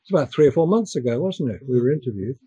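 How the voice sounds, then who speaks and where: An older man chatting on a discussion call, pausing and repeating words as he talks. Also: medium pitch, expressive, warm tone, husky, dry recording, highs cut off. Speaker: guest. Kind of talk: casual chat.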